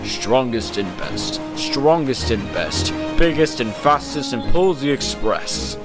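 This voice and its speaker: A man's voice: mid-range voice, expressive, takes it slowly, over loud music, pitched above the performer's own voice. Man as Gordon, a pompous, huffy express engine. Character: proud, boastful big male express engine.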